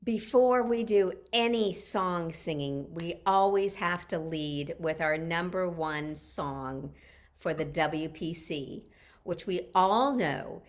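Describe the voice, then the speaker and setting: A woman's voice: lowish voice, slow pace. A woman leading a group sing-along, cheerful and joking, explaining the actions for each line. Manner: jokey, cheerful, self-deprecating. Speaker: group singing leader. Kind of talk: playful sing-along instruction.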